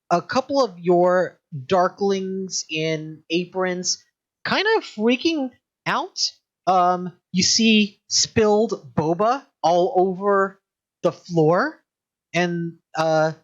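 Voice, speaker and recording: Woman game master, slow and animated, halting narration, dull lo-fi sound. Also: on the low side. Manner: halting, full of ums and restarts. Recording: dull lo-fi audio.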